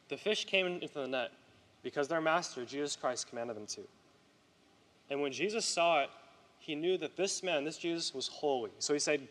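A man's voice: on the high side, moderate pace, a bit bright, long reverb tail. A man preaching a conversational sermon to a youth group, often checking in with "right?".

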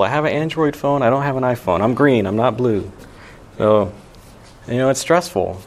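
A man's voice: mid-range voice, moderate pace, a little mellow. A young man giving a sermon as pastor, talking in a casual, conversational way with lots of "you know" and "right". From Alabama.

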